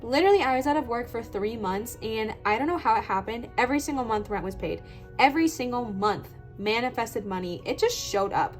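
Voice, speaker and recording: A woman's voice: a little high, lively intonation, fairly quick, soft background music. Emotional young woman giving a tarot reading. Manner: earnest, emphatic, emotional and affirming, repeating phrases. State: close to tears. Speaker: tarot reader. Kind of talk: pick-a-card tarot reading.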